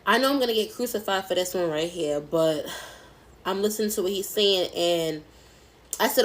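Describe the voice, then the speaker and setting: A woman's voice: mid-range voice, normal speed. A young adult woman telling a personal story in a casual, candid, chatty way, swearing freely.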